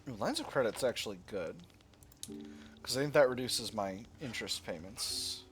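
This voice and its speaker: A man talks through his strategy game moves in a relaxed, thinking-aloud way. His voice rises and falls in a lively way at a middle pitch, and background game music plays steadily under his words. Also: moderate pace. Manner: thinking aloud, with fillers and self-corrections. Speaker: let's play gamer. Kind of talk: casual strategy game commentary.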